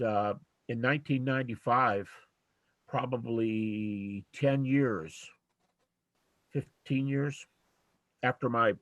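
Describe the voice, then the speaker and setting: An older man answering audience questions, telling a personal story in a reflective, halting way with many pauses. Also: fairly low pitch, no echo. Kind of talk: personal testimony in a Q&A.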